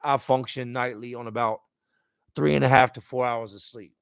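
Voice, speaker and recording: A man's voice: medium pitch, fairly even intonation, normal speed, creaky, clear, resonant tone, no room sound, studio quality. A man hosting a live stream, reading out viewer comments and talking candidly and emotionally. He speaks casually and bluntly, swearing at times and repeating words as he searches for them.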